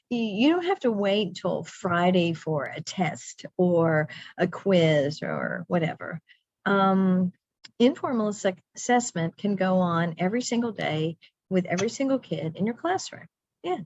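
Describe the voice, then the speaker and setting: A woman's voice: medium pitch, a little mellow, no room sound, lo-fi sound. A middle-aged woman leading a recorded teacher training session, chatty and self-interrupting, laughing at herself.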